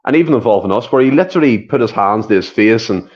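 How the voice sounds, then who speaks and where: A Scottish man talks football in casual podcast chat, earnestly agreeing and adding to the argument. His voice sits on the low side. The sound is muffled and lo-fi. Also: expressive, fast talker. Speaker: podcast co-host.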